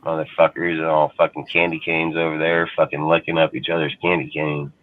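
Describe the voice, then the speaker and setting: This sports podcast host has a rumbling low, monotone voice and talks briskly, venting in a crude, contemptuous fan rant. The sound is tinny, as if heard over a phone.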